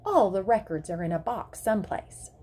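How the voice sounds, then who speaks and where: Woman reading as a stuck-up teacher lady, prim and superior, breathy and up-and-down. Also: mid-range voice, expressive, normal speed, warm tone. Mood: defensive. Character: prim condescending woman schoolteacher.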